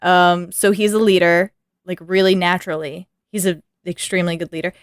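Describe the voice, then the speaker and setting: A woman co-hosting a podcast in casual chat, animated and laughing often as she talks. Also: lowish voice, a little fast, clear, resonant tone, no room sound, clean studio sound. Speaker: podcast co-host.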